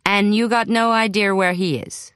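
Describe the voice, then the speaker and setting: A woman voicing a blunt, impatient American male boss on the phone, talking in a folksy, gruff way. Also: sits high, steady tone, moderate pace, a bit bright, no room sound, studio quality, voice pushed up. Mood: softened. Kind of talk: audiobook character voice.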